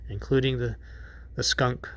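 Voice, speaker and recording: A man's voice: mid-range voice, fairly even intonation, unhurried. A man hosting a podcast in a casual monologue, rambling and profane, with many restarts. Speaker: podcast host.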